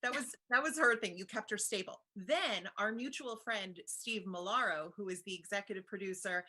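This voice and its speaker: A woman's voice: mid-range voice, moderate pace, bright, forceful tone, slight background noise. An American woman interviewing an actor in a casual chat, enthusiastic and gushing.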